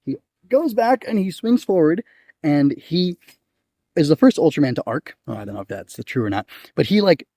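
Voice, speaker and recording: A man's voice: medium pitch, darkish tone, no room sound, studio quality. Rambling man, casual podcast review. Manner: rambling, with frequent ums and likes. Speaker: podcast host reviewing episodes. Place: outdoors in nature.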